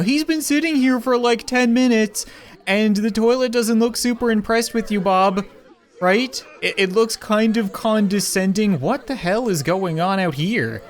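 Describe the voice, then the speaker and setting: A young man giving comedic, excitable commentary on a life-sim game, often laughing and exclaiming. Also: sits high. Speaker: gaming YouTuber.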